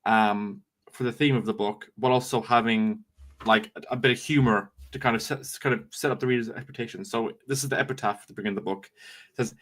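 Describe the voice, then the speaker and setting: A man's voice: mid-range voice, fairly even intonation, quick pace, fairly bright tone. Male author, chatty guest who stumbles and restarts while thinking. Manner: chatty, hesitant, many restarts. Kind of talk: casual interview chat.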